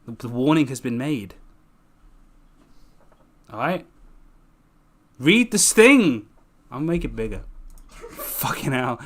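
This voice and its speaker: A man's voice: mid-range voice, slow, long pauses. A man reading his own book aloud casually, tripping over words and correcting himself with jokey asides.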